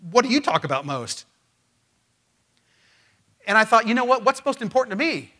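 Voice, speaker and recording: A man preaching a sermon as pastor, emphatic and swinging from loud, rising lines to quiet ones. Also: very high voice, sing-song, moderate pace. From Missouri. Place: church.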